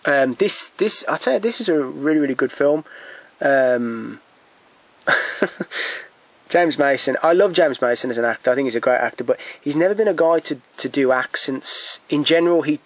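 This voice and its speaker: A man's voice: a little high, expressive, normal speed, dry recording. Rambling man chatting about films. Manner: rambling, frequent restarts and stammered repeats; blunt, swears, chuckles at his own stories. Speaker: video collector reviewing his purchases. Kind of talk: casual film chat.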